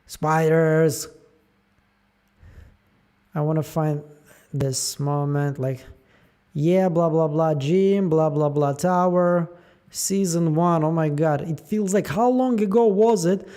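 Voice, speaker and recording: High-voiced man musing over show theories. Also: measured pace. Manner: musing aloud, animated, trailing fillers. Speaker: show theory channel host. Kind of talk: casual theory breakdown.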